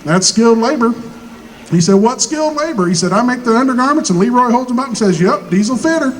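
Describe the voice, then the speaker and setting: A high-voiced man with a rural Southern American drawl spins folksy hillbilly yarns on stage, voicing each character himself and dropping punchlines deadpan. A faint hum of live-room ambience sits underneath him. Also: quick pace, rough recording. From Missouri. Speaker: stand-up comedian. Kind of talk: stand-up comedy storytelling.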